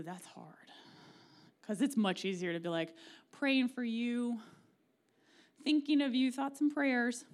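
A woman pastor in her forties with a Midwestern American accent preaches in a church. Her voice sits fairly high. She talks in a chatty, joking way and acts out quoted prayers. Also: fairly bright tone. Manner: conversational and humorous, acting out quoted prayers. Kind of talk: sermon. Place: church sanctuary.

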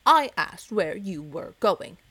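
A woman's voice: mid-range voice, very animated, slow, fairly bright tone, husky, heavily acted. A woman voicing a timid, polite little girl egg in a storybook reading.

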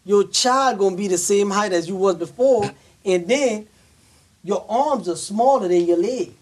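A man's voice: high voice, measured pace, slightly rough. A man in casual podcast chat, telling joking stories to his friends. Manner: storytelling, joking. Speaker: podcast co-host.

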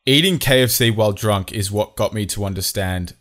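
A man's voice: fairly low pitch, fairly quick, fairly bright tone. An Australian man co-hosting a podcast, trading crude jokes in casual banter. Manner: crude joking, swears freely. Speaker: podcast co-host.

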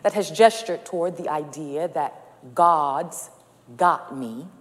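A woman preacher delivering a sermon at a slow, measured pace. She speaks in rhythmic, rhetorical repetitions that build in intensity. Her voice carries with the long reverb of a large church sanctuary. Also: deep voice.

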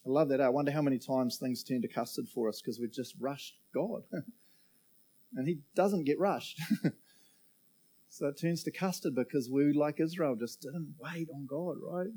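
A middle-aged pastor with a fairly high, dark-toned voice delivers a sermon at a moderate pace in a church auditorium. His style is conversational and full of jokes, with frequent laughter and questions put to the congregation.

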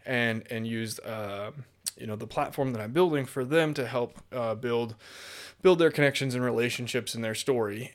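Casual rambling male podcast host. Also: medium pitch. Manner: rambling, casual, swears freely, many fillers. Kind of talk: casual solo podcast monologue. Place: home office.

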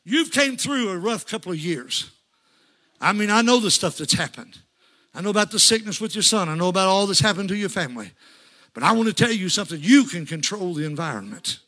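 A man's voice: high-pitched, animated, a little fast, pushed and bright. A man preaching a sermon, telling folksy stories and rising to fervent calls to the congregation.

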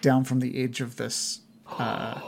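A game master narrating a tabletop game, pausing often and restarting his sentences. His voice is slightly husky and sits at a middle pitch. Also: flat delivery, darkish tone. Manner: hesitant, full of restarts.

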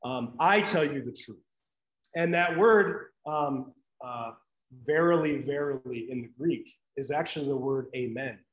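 A man's voice: medium pitch, a little slow, roomy sound, a little hiss or hum, low-quality recording. A man teaching a live Bible class in a conversational way, checking in with "right?" and using many fillers.

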